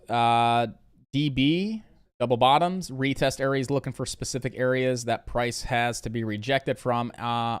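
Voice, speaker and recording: A man hosts a live stream about day trading, his mid-range voice smooth and a bit bright. Answering viewer questions, he rambles with lots of fillers and goes over his main points again as lists.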